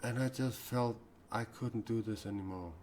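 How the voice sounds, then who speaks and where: A man speaking as a self-described mystic in an improvised live-stream talk, earnest and confessional, often pausing and restarting his sentences. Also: mid-range voice, darkish tone, slight background noise.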